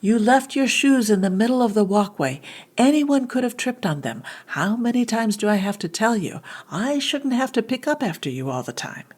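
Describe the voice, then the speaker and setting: A woman's voice: a little high, big pitch swings, normal speed, a little mellow, pitched above the performer's own voice. A woman acting out an exasperated parent scolding a child in a raised, nagging voice.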